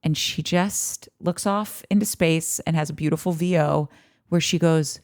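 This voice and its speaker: In a low, slightly mellow, unhurried voice, a woman riffs casually on a reality show for her podcast. She's animated, swears a lot, and acts out quotes along the way.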